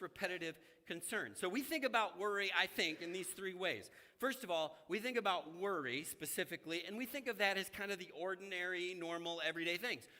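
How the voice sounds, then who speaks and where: Male preacher, fairly high bright voice, lively sermon delivery, church hall echo. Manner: conversational, animated, addresses congregation directly. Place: church sanctuary.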